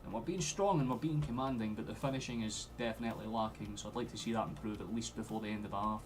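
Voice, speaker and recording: A man's voice: lowish voice, quick pace, over music. Sweary Scottish man at a watchalong. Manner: swears freely, flares into loud outbursts at play. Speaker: streamer doing a football watchalong. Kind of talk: live match commentary to chat.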